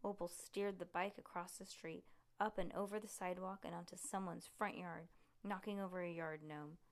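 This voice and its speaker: A woman reading a children's story aloud with lively pacing and the odd slip and restart. Her voice has a gravelly, creaky grain. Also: fairly low pitch, normal speed. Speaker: reader.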